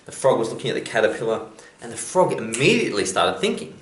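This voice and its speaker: A man's voice: mid-range voice, big pitch swings, fast talker, a bit bright, roomy sound. A man giving a chatty motivational talk, telling stories as a self-help vlogger. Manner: chatty storyteller.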